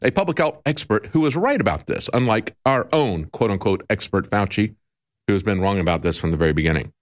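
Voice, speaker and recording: Man hosting a talk show, lively swinging pitch, emphatic and indignant, sarcastic asides. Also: brisk. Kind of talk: opinionated talk commentary.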